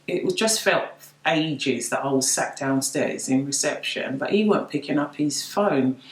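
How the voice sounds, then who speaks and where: A middle-aged woman telling of her daughter's death, halting and tearful, repeating her words. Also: sits low, echoey room, poor audio. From United Kingdom. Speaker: bereaved mother sharing her story. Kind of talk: personal testimony to camera.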